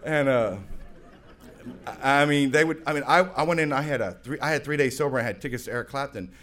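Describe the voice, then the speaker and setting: A man in his forties telling his recovery story to a meeting with self-mocking humor, rambling along and bursting into loud, excited quotes. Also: mid-range voice, fast talker. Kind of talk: personal testimony with humor.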